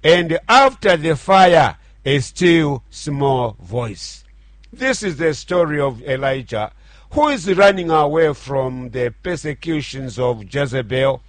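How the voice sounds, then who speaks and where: Middle-aged pastor, radio sermon, fairly high voice, slow, dry close sound. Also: male voice, expressive, no room sound. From Zambia. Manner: earnest preaching with repetitions and restarts.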